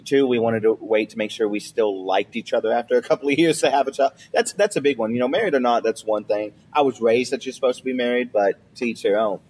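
A young man on a casual podcast, swearing a lot and joking as he tells stories, now and then jumping up high to act out other people. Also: quick pace, few pauses, breathy edge. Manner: profane, jokey storytelling with loud high-pitched bits when he acts out others. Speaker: podcast co-host.

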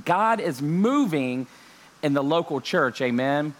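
A man's voice: a little high, takes it slowly. A young man, a pastor, opening an online church service from home, joking with his viewers and dropping frequent amens. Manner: joking, lively preaching with many amens. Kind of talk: online church sermon intro. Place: home during lockdown.

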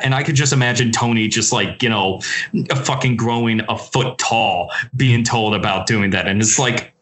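A man's voice: medium pitch, normal speed. A man hosting a casual podcast chat about films, enthusiastic and freely swearing. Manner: lively, profane, enthusiastic. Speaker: podcast host.

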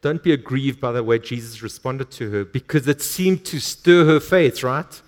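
A man's voice: mid-range voice, normal speed. A male pastor preaching a sermon, reading scripture aloud and stressing words emphatically.

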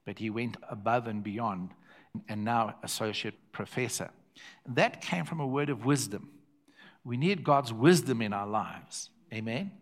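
Older South African preacher telling a story. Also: male voice, medium pitch, measured pace. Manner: lively storyteller who repeats phrases for effect. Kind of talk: sermon with personal storytelling.

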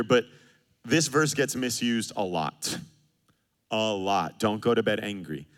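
A pastor in his thirties delivers a sermon in a bright, forceful voice. He is animated and joking, and he acts out both sides of quoted arguments. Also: medium pitch.

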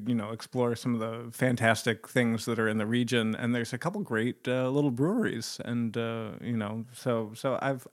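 A man's voice: medium pitch, a bit bright. A man chatting at a home dining table in a hesitant way, full of fillers. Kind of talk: casual chat.

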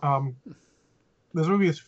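A man's voice: fairly high pitch, unhurried, dry recording. A man hosting a podcast, chatting casually about a movie he enjoyed, rambling and laughing often. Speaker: podcast host. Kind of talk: casual movie review chat. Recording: dull, dry lo-fi audio.

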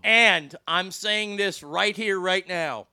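High-pitched gravelly man ranting. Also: takes it slowly, pushed and bright, dry recording, studio quality. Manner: profane, ranting, indignant. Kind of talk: casual chat.

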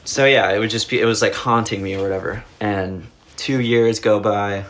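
A man's voice: on the low side, fairly even intonation, normal speed, a bit bright. A young man telling a long story in casual chat, rambling with lots of filler words and cursing. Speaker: podcast guest.

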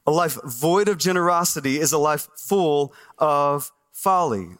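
A man with a high voice preaching a lively Sunday sermon from the stage. He talks straight to the congregation, quizzing them and acting out their excuses in funny voices. The sound has the feel of a church stage microphone. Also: measured pace. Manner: animated, asks the congregation questions, acts out listeners' voices. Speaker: pastor.

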